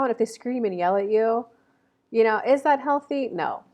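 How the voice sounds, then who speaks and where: A woman's voice: fairly high pitch, moderate pace, a little mellow, highs cut off. A woman in her thirties giving a casual zodiac reading to camera, chatty and rambling, with many fillers and self-corrections. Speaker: astrology reader.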